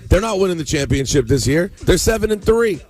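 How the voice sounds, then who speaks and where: Animated man ranting on morning radio. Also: high-pitched, fairly quick. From United States. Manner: animated, ranting, mock-outraged. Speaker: radio co-host. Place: radio studio. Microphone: studio microphone. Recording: radio studio with music bed.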